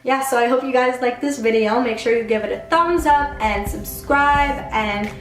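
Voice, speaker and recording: A woman's voice: fairly high pitch, moderate pace, faint music behind. Chatty young woman in a roomy echo. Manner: chatty, lots of "like" fillers. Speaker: YouTuber. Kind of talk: casual storytime vlog.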